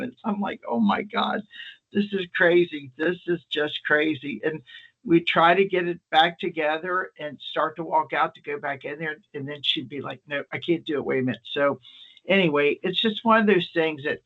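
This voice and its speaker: Gravelly man telling stories, lo-fi. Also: fairly high pitch, normal speed. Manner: animated anecdotal delivery, acts out quoted people. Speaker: emergency nurse presenter. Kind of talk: casual storytelling talk.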